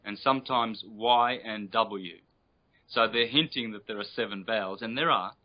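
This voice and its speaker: Man teaching over a lo-fi call. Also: fairly low pitch. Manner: patient and instructive, drawn-out demonstrated vowel sounds. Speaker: guest teacher. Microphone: video call. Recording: lo-fi internet call audio.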